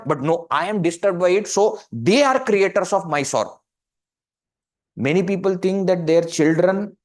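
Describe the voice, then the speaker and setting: A man with an Indian English accent, a spiritual teacher giving a conversational webinar talk, animated and full of rhetorical questions and acted-out examples. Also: on the high side. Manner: animated, acts out questions and quoted people. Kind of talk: webinar talk on joyful living.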